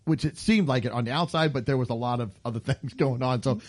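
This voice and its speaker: A man's voice: medium pitch, quick pace. A man in his fifties hosting a casual comedy podcast, telling stories animatedly and acting out the people in them. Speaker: podcast host.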